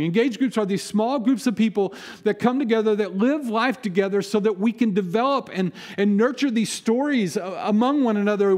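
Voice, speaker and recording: A man preaches from the pulpit. His voice sits fairly high, and he tells scripture stories with lively energy, slipping into the voices of the figures he describes. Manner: animated storytelling, acts out biblical figures with rising energy. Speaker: pastor. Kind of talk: sermon.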